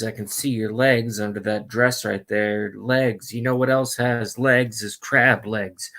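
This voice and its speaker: Brief: man doing a slow, wandering old male politician, free-associating, mid-pitched. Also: bright, forceful tone. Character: rambling, confused elderly male politician. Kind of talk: comic impression on a livestream.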